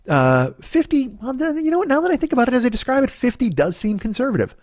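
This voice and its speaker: A man's voice: very high-pitched, sing-song, quick pace, no echo, clean studio sound. A middle-aged man, a comedian hosting his own podcast, ranting solo in a rambling, profane, argumentative way from home.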